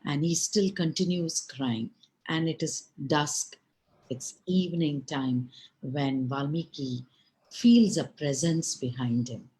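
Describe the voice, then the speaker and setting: A woman storyteller telling a folk tale in an unhurried, expressive way, with asides to her listeners. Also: sits low, poor audio.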